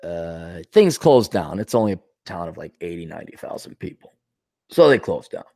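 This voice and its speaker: A man's voice: deep voice, moderate pace, dry recording, studio quality. A man hosting a podcast, telling casual stories with frequent swearing and joking. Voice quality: profane, swears freely. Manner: animated, jokes and acts out voices of others. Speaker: podcast host. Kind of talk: casual storytelling monologue.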